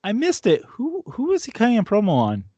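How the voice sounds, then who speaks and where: A man's voice: high voice, huge pitch swings, brisk, dark tone, no echo, highs cut off. A man co-hosting a wrestling podcast, chatting casually and often stumbling over repeated words. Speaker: podcast co-host. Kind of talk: casual chat.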